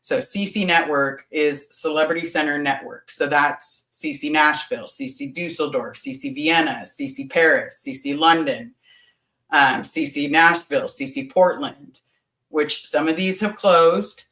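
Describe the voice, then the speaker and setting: A woman's voice: low voice, a little slow, fairly bright tone. Blunt woman in a roomy, distant recording. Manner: blunt, candid, swears casually. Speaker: guest. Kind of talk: casual chat.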